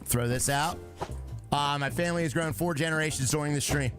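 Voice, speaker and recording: A man's voice: on the high side, brisk, music in the background. A young man live-streaming a game, chatting with his viewers and talking himself through it in a joking way. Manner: chatty, talks to himself and chat; joking, breaks into sung lines.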